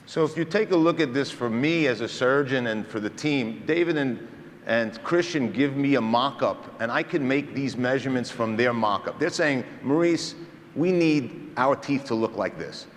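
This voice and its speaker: A man's voice: medium pitch, normal speed. A male surgeon giving a conference lecture to dentists, engaging the audience with questions and stories. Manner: engaging storyteller, quizzes the audience. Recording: reverberant hall, faint ambience.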